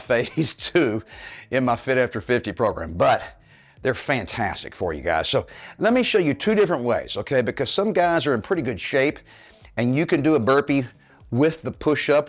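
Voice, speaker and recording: Middle-aged guy coaching a home workout, winded, keeps saying okay guys, medium voice. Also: mid-range voice. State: out of breath while exercising. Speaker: fitness coach. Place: home living room.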